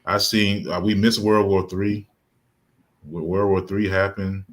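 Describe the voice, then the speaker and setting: A man's voice: low voice, fairly even intonation, unhurried. Male podcast co-host, loose rambling delivery, casual talk. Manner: rambling storyteller, many restarts and fillers. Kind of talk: casual chat.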